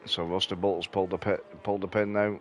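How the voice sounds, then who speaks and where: A man giving casual, relaxed commentary on a sim race from his sofa at home, sounding a bit sleepy. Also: low-pitched, fast, soft background music. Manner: relaxed, sleepy, yawning between calls.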